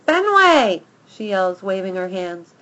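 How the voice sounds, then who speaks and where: A woman giving lively, expressive first-person narration of a children's story. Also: medium pitch, unhurried, low-quality recording. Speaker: audiobook narrator.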